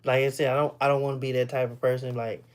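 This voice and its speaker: A man's voice: mid-range voice, flat delivery, quick pace. A man from Texas, chatting casually with viewers on a live stream, rambling and repeating words as he talks. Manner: loose and rambling, repeats words, laughs often.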